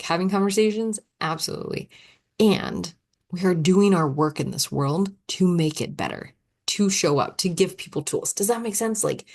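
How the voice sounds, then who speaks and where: A woman's voice: deep voice, darkish tone. A woman hosting a solo podcast as a coach, chatting freely and acting out her own thoughts as little quoted asides.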